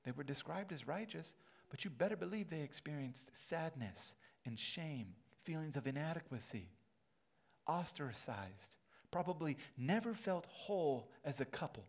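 A man preaching a sermon as pastor in a church sanctuary, earnest and building to emphatic peaks. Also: fairly high pitch.

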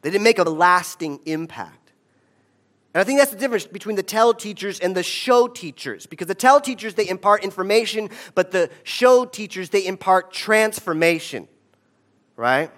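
Man telling a story, somewhat high voice. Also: animated, moderate pace, fairly bright tone. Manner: conversational, asks the audience "right?". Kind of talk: storytelling talk.

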